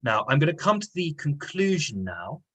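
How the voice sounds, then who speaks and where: Husky-voiced male English teacher. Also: on the high side, very animated, moderate pace, a bit bright, rough recording. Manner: patient, explanatory, repeats key words. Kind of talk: online lesson with reading aloud.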